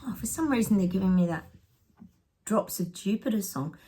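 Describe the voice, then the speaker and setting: A middle-aged woman who works as a psychic pulls tarot cards and chats casually with viewers, rambling and laughing a lot as she gives predictions. Her voice is mid-range, husky and dark in tone, animated, at a normal speed.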